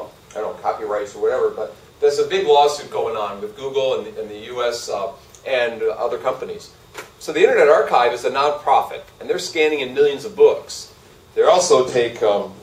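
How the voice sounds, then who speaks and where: A man giving a live university lecture, animated and asking his audience questions. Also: medium pitch. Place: lecture hall. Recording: echoey hall, speaker far from mic.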